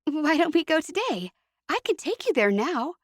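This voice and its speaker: A woman voicing an eager, bubbly young Amish woman who speaks in a bright, raised voice. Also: high voice, big pitch swings, moderate pace, dry recording, clean studio sound, pitched above the performer's own voice.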